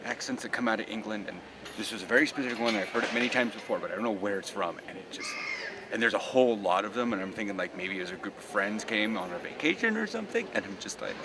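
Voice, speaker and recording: Talking fast and expressively in a voice on the low side, a man vlogs while strolling outdoors on a city street and in shops. He rambles through stories into a handheld camera with no tripod, and background noise comes through.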